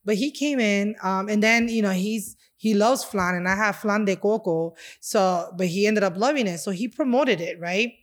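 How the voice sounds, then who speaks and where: Animated woman chef telling a story. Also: mid-range voice, normal speed, hardly any pauses. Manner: animated storyteller acting out dialogue. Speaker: chef and restaurant owner. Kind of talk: storytelling in a casual podcast chat.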